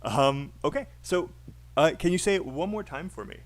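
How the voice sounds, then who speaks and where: A man's voice: fairly high pitch, big pitch swings, moderate pace. A man teaching a live online English speaking class, encouraging and laughing often.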